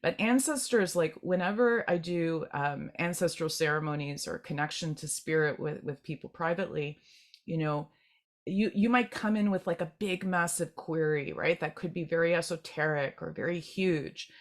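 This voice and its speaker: A woman with a fairly low voice gives a spiritual group tarot reading. Her talk is gentle and meandering, with many halting restarts and repeated words as she searches for what she is sensing. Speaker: tarot reader.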